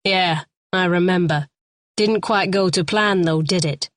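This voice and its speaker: Hard, cold middle-aged father making threats, read by a woman narrator; low, even, dry. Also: a little slow, dry recording, natural voice. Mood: menacing. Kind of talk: audiobook character voice.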